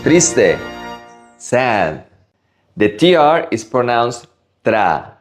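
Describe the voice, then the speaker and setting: A man from Latin America teaching Spanish vocabulary, slowly drilling pronunciation word by word. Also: medium pitch, sing-song, faint music behind. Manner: slow, careful pronunciation drills. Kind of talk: vocabulary lesson.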